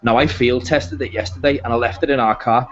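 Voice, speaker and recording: A man's voice: mid-range voice, steady tone, brisk, background noise. Chatty man hosting a call. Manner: chatty, jokey storyteller. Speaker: podcast host. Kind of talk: casual chat. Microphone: video call. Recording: slightly muffled call audio.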